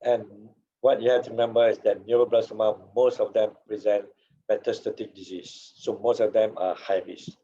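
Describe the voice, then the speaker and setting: Hoarse low-voiced lecturer, muffled. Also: male voice, flat delivery, brisk, warm tone. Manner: accented English, drops "okay" and "yeah" tags. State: losing his voice. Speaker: paediatrics lecturer. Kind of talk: teaching a seminar.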